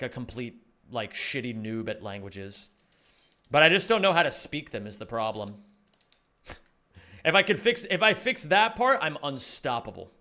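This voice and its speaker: A man live-streaming, joking and bantering with his viewers in casual chat, swearing freely and answering them quickly. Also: medium pitch, pushed and bright. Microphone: streaming microphone.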